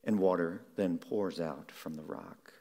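A man delivers a sermon at an unhurried pace, drawing out key words for weight. His voice sits somewhat low and stays measured throughout. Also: mellow. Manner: measured, slows down for emphasis. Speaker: preacher.

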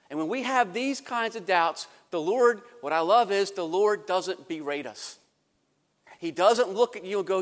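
Pastor, male, high voice, sermon with stories, hushed to emphatic, church reverb. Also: lively intonation, normal speed. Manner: storytelling, swings between soft and emphatic.

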